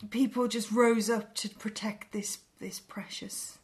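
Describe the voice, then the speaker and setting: A woman's voice: a little high, fairly even intonation, a little slow. A woman co-hosting a podcast in casual chat, laughing often and stumbling over repeated words. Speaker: podcast co-host.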